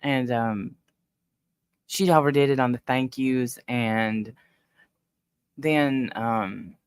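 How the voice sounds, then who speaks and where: A woman's voice: extremely low pitch, slow pace, clear, resonant tone, no room sound. Middle-aged woman, livestream host, teary and emotional, casual chat, dry close sound. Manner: emotional, tearful, talks directly to viewers.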